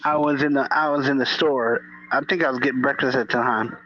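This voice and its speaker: A man's voice: mid-range voice, steady tone, a little fast, pushed and bright. A man hosting a casual chat, telling a story with many repeats and restarts. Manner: repeats himself, restarts stories. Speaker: host. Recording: dull dry lo-fi audio.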